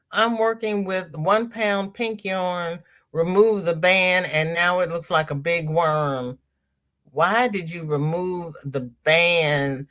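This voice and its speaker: Slow-talking woman hosting a crochet livestream. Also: lowish voice, fairly bright tone. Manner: chatty, calls viewers "girl" and "honey", frequent ums and restarts. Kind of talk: casual livestream chat reading comments.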